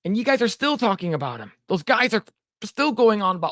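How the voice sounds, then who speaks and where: A man's voice: high voice, sing-song, a little fast, fairly bright tone, dry recording, studio quality. Rambling, cursing man on a podcast. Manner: rambling storyteller, swears, mimics voices in quotes. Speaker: podcast co-host. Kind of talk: casual chat, reading comments.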